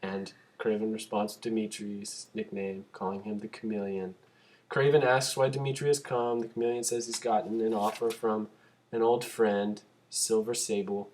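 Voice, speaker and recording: A young man co-hosting a casual podcast, reading his own fan script aloud and breaking into animated asides. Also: lowish voice, normal speed. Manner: animated, bursts into laughing shouts.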